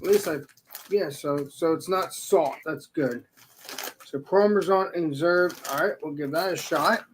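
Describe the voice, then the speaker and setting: A man's voice: on the high side, a little slow, a little hiss or hum, rough recording. A man hosting a casual live stream, talking in an easygoing, loose way. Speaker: host.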